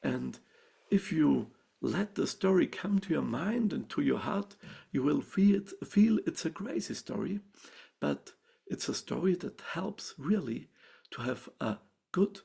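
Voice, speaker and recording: Slow, gravelly Austrian storyteller man. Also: fairly high pitch. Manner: animated, dramatic pauses. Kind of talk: live oral folk-tale telling. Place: festival stage.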